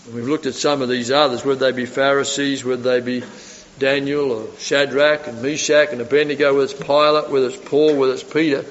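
A man preaching a sermon, putting rhetorical questions to his listeners and swinging between loud emphasis and soft asides. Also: medium pitch, little pitch movement, fairly quick. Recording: reverberant hall, dull lo-fi sound.

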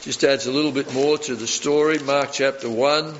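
A man's voice: mid-range voice, steady tone, normal speed, muffled recording, a little hiss or hum. Man preaching in a conversational tone. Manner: conversational Bible teaching with asides and rhetorical questions. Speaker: pastor. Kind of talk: sermon.

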